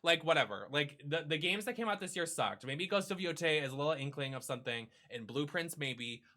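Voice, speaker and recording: A man with a bright, ringing voice pitched a bit high rants loosely and with swearing through a casual chat with his partner. His delivery is animated and quick to flare up. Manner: animated, profane ranting. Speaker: streamer host.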